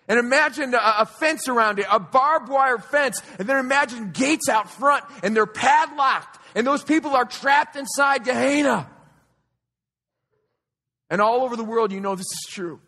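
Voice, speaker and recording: A male pastor preaches with a very high, bright and forceful voice. He presses his listeners with repeated questions, rising to urgent peaks and dropping to near hushes. The sound carries the long reverb of a large church hall. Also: lively intonation, moderate pace. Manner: impassioned preaching, repeated rhetorical questions, swings from loud to hushed. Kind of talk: sermon. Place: church auditorium.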